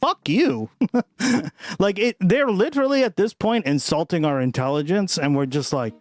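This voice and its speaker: A man's voice: high-pitched, moderate pace, dry recording, studio quality. A young man hosting a political livestream, chatting casually and profanely with viewers, rambling and often asking "right?".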